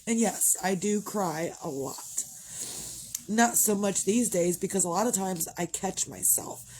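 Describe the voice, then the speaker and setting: A woman's voice: mid-range voice, unhurried, a little mellow, slight background noise. A middle-aged woman, talking frankly in a rambling, casual monologue and swearing freely. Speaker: vlogger.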